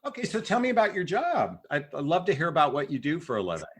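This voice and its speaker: Animated male dating coach. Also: on the high side, quick pace, breathy edge. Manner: animated, acts out sample dialogue in voices. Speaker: dating and relationships coach, guest. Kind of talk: podcast interview advice.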